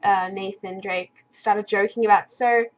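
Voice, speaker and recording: A woman's voice: medium pitch, moderate pace, muffled recording. A woman gaming vlogger in casual commentary, rambling enthusiastically with many fillers.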